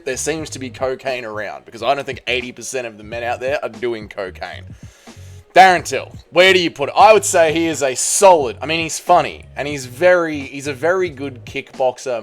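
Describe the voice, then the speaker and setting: A man hosting his own MMA channel, ranking fighters in a joking, irreverent rant that often trails off and restarts. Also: mid-range voice. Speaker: MMA commentary host.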